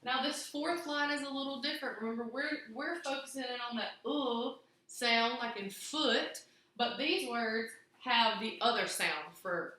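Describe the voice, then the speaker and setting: Slow, bright-voiced woman teaching phonics. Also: a little high. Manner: slow, clear sounding-out of words. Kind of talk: phonics lesson for young children. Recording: very echoey room.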